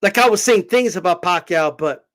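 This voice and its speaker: A man doing an impression of a smug male boxing champ, speaking slow and halting with lots of ums. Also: high voice, animated, a bit bright, voice pushed down, poor audio.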